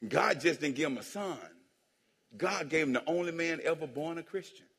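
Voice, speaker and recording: A man's voice: a little high, moderate pace, a bit bright, breathy edge. Joking preacher man in a reverberant hall. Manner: playful preaching, calls for amens and jokes with the crowd. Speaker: pastor. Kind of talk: sermon. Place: church sanctuary. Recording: long hall reverb in a church.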